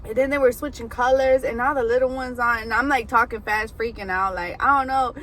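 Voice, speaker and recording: A woman who braids hair, telling a story in a casual, animated way with lots of fillers. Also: on the high side, a little fast, a little hiss or hum, low-quality recording. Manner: animated, chatty, many fillers. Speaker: hairbraider and food vlogger. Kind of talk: casual storytelling while eating.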